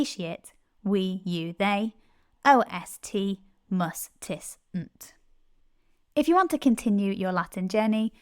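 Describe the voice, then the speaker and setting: A woman tutor explaining a lesson clearly and patiently, step by step. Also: mid-range voice, dry recording, clean studio sound. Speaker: Latin tutor.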